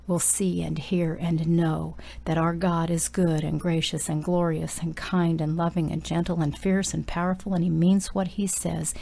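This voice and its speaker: A woman's voice: lowish voice, level tone, normal speed, gravelly, hardly any pauses, warm tone. A woman preaching a sermon and leading a prayer, exhorting her listeners and dropping at times into urgent whispers.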